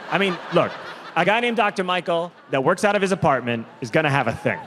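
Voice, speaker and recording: A man performing a stand-up comedy set on stage, telling stories deliberately and drawn out, with quick asides. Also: fairly high pitch, expressive, a bit bright. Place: large theater stage. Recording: live comedy hall with long reverb, faint crowd noise.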